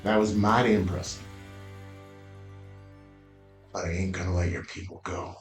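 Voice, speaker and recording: A man voicing Pharaoh as a stubborn hill-country figure with a low, hushed drawl, in a roomy echo over faint music. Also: steady tone, quick pace, natural voice.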